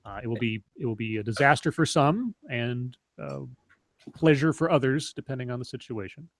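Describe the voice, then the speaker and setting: A man hosting a casual stream chat, telling stories in a rambling way with many halting restarts. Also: mid-range voice, expressive, dry recording. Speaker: stream host.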